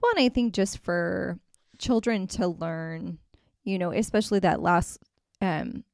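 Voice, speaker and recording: A woman's voice: fairly low pitch, measured pace, vocal fry, dry recording, studio quality. A woman co-hosting a faith podcast, talking casually and earnestly with many fillers and restarts. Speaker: podcast co-host.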